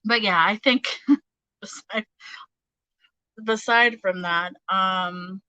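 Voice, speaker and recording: Woman tarot reader, unhurried, chatty, lots of fillers, dry close sound. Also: medium pitch, sharp tone, smooth, no room sound, poor audio. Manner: chatty, frequent fillers, laughs often. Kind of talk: casual tarot reading.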